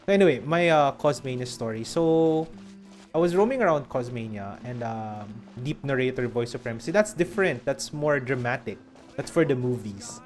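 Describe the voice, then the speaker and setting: A man's voice: mid-range voice, moderate pace, over music. A man with a Filipino accent chatting casually while streaming a game, rambling and laughing often.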